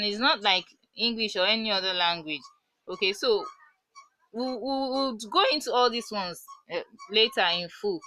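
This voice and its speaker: Bright-voiced woman teaching French. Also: on the high side, expressive, no echo, low-quality recording. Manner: patient, repeats words slowly for pronunciation. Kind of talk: online language lesson.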